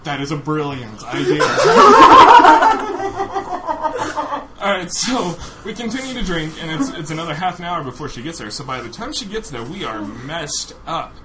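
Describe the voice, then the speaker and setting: A man's voice: on the high side, expressive, a little fast, hardly any pauses. A man casually telling a funny story on a podcast, laughing often as he goes. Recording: noisy recording.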